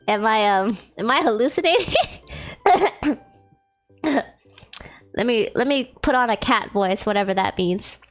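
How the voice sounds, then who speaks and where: A woman streamer reads a dating visual novel aloud and jokes between the lines. Her voice is high and playful and giggly. Soft game music plays faintly behind her. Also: animated, a little slow, pauses often.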